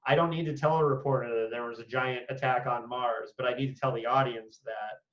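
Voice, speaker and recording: A man hosting a casual panel discussion, talking in an animated, emphatic way with quick asides. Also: mid-range voice, echoey room, recorded from a distance, highs cut off. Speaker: podcast host.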